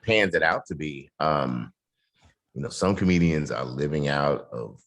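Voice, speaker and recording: A man hosting an interview, talking in an animated, hyped way with lots of fillers over a video call. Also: extremely low pitch, measured pace. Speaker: podcast host. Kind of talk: casual interview talk.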